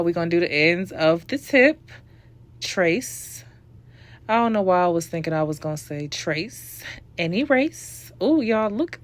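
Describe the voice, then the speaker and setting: A young woman does the voice-over for a makeup tutorial, sassy and chatty as she walks viewers through it. Her voice sits mid-range and is a bit bright, recorded dry. She's a beauty vlogger.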